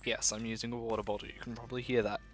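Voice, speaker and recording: Talking very fast in a mid-range voice with little pitch movement, a young gaming video host rambles through a survival game. He jokes at his own expense and talks straight to his viewers as faint music plays behind him.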